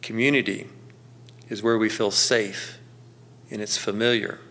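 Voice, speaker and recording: A man's voice: lowish voice, steady tone, a bit bright. A man preaching a sermon as pastor, in a folksy storytelling manner with frequent chuckles. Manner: folksy storytelling, slows down for emphasis, chuckles often.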